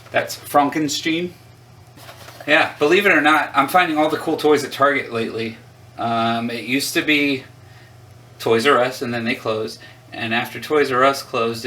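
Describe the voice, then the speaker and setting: Middle-aged man, excited collector vlogger, bright voice, a bit off-mic. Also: medium pitch, recorded from a distance, a little hiss or hum, rough recording. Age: 40s. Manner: enthusiastic, rambling, self-deprecating. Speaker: host showing his collection. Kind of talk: casual chat. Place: home room with arcade cabinets.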